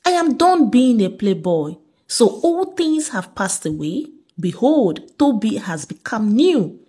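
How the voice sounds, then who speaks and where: A woman's voice: fairly high pitch, sing-song, slow, warm tone, slightly rough, full character voice. A woman voicing a jokey, laid-back young man. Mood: jovial. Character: reformed male playboy, jovial.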